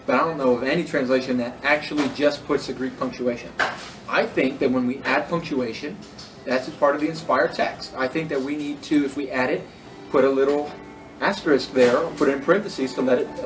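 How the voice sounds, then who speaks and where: A man's voice: medium pitch, fairly even intonation, brisk, far from the mic, rough recording. A man teaching a Greek class in a casual lecture, correcting himself and spelling words out letter by letter.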